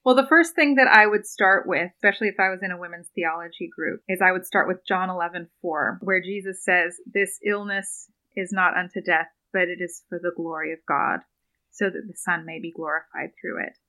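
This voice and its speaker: A woman's voice: on the low side, a little fast, sharp tone, low-quality recording. A young woman, a doctoral student, talking earnestly in a podcast interview and retelling a scripture story, with frequent ums and small laughs. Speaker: podcast guest, doctoral student in biblical studies.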